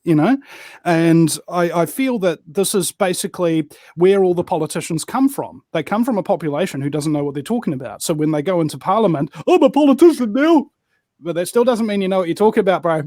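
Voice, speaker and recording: Man, New Zealand accent, high pitch, ranting storyteller, dry close sound. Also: expressive, fast, darkish tone, no room sound. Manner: ranting, storytelling, peppered with "bro". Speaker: guest. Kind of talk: casual political chat.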